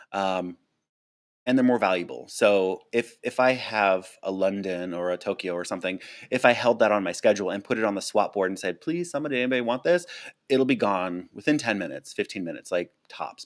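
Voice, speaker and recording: Sitting close to his desk mic at home, a flight attendant with a fairly low voice casually fields viewers' questions live, animated and talkative, with many fillers and restarts.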